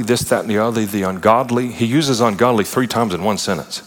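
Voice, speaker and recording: A man preaching a sermon in a conversational style, breaking into animated asides and playful retellings. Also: lowish voice, a little fast, few pauses. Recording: long hall reverb.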